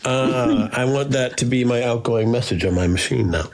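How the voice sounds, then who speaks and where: A man co-hosting a podcast, telling animated stories with mock indignation. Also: mid-range voice, moderate pace. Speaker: podcast co-host. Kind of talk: casual chat.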